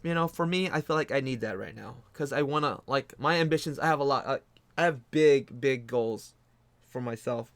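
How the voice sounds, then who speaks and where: A man's voice: mid-range voice, normal speed, dry recording. Rambling man chatting while drawing, dry sound. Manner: rambling, repeats phrases, frequent restarts. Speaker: streaming artist host. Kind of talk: casual livestream chat while drawing.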